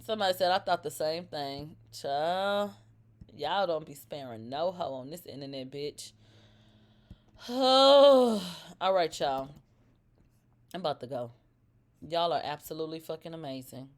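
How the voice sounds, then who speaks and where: In her thirties, this woman hosts a celebrity gossip livestream where she voices the comments and responds in a lively, profane way, ranging from a low drawl to sudden shrieking. She takes her time and pauses frequently.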